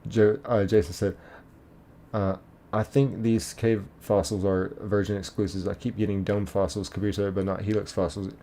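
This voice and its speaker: A man's voice: on the low side, flat delivery, normal speed, dark tone, slight background noise. A man streaming a game, casually reading chat messages aloud, laid-back and chuckling.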